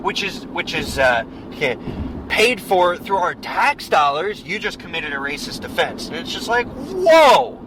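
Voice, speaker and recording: This podcast co-host, a man, talks casually and emphatically while driving along, wandering through his opinions. His slightly high voice has lively intonation and a somewhat slow pace. Loud road noise fills the car.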